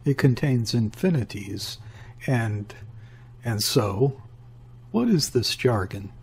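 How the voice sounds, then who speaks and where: A man's voice: medium pitch, lively intonation, slow pace, husky, full character voice. A man voicing a capricious young woman, speaking in a fluttering, slightly unsteady way in a storybook reading. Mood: wistful. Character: capricious, petulant woman lover, wistful.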